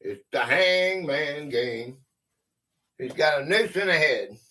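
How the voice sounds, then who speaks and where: Slow-talking man hosting a live quiz stream. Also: a little high, lively intonation, pushed and bright, low-quality recording. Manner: drawling, chuckles at his own stumbles. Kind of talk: casual live game stream, reading quiz questions.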